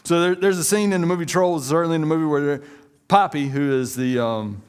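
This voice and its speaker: Joking pastor, casual sermon. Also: male voice, a little high, fairly quick, clean tone. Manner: conversational, joking, uses y'all.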